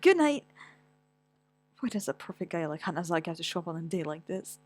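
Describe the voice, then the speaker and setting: A young woman reading a manga aloud with dramatic, stammering delivery and wailing outbursts. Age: young adult. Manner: animated, quick pitch swings, stammers, whiny wails. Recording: dry close mic with faint music.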